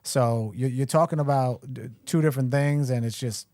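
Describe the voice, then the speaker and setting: A man's voice: medium pitch, normal speed, darkish tone, dry recording. A middle-aged man running for mayor, answering a caller bluntly and firmly on a live show. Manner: blunt, firm, indignant. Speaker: mayoral candidate, guest.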